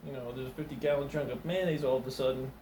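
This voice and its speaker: A fast-talking comedian with a dark, steady, medium-pitched voice rambles through a story full of fillers and false starts, doing little character voices along the way. The audio is poor, with a roomy sound, a far-off mic, and slight background noise.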